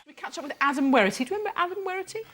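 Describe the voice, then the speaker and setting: A woman's voice: sits high, animated, racing, a loud crowd, heavy background noise. A woman hosting a comedy news quiz and reading out the next item. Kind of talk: scripted comic hosting.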